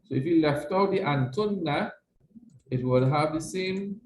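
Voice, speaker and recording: A man's voice: a little high, moderate pace, roomy sound, slight background noise. A man teaching an Arabic class, patiently explaining grammar and checking in with his students. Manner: patient, repeats phrases, checks with "right?".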